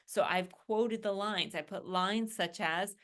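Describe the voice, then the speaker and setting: A woman's voice: medium pitch, takes it slowly, fairly bright tone. A woman college English instructor in a recorded lecture, walking students through an assignment in a conversational way and often checking in with "right?" and "okay?".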